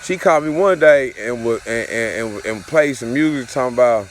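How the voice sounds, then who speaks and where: A man's voice: medium pitch, normal speed, a little hiss or hum. A father telling a personal story in a casual, profane, repetitive way, looping back over the same phrases.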